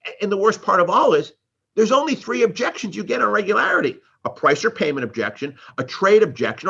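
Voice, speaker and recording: A man's voice: high-pitched, sing-song, fast, vocal fry, sharp tone, husky, muffled recording. A man teaching car sales in a live training talk, acting out exchanges between customers and salespeople.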